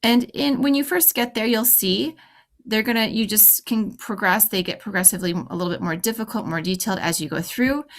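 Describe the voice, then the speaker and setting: A woman's voice: medium pitch, fairly quick. A woman teacher recording a tutorial for her students, talking them step by step through each click with practical, encouraging advice. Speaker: French teacher. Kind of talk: screen-recorded class tutorial.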